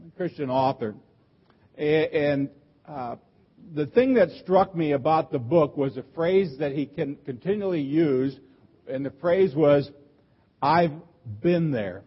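A pastor delivering a sermon, earnest and emphatic, with repeated rhetorical questions. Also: male voice, fairly high pitch, slightly rough, dull audio.

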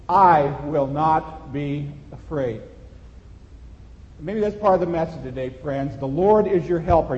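Pastor, man, fairly high voice, earnest conversational sermon, long church reverb, muffled. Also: warm tone. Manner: earnest, conversational preaching with rising emphasis. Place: church sanctuary.

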